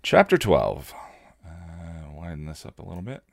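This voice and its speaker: A man with a deep voice hosts a podcast and reads fan fiction aloud, breaking off for chatty, self-mocking asides. The sound is dry and close. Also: big pitch swings, measured pace, creaky, no room sound. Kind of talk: casual podcast reading.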